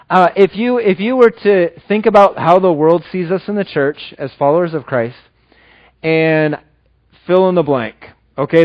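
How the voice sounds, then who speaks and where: A man preaching a sermon in an earnest, conversational way, dropping low and slow when he reads scripture. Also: no echo, lo-fi sound. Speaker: pastor.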